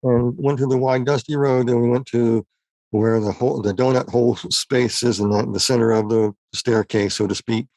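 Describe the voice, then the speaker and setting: A man guest in an interview, recounting a personal experience in a halting way, often repeating words and getting choked up. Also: medium pitch, fairly even intonation, a little mellow, no echo. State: tearful, voice breaking. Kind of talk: emotional personal testimony.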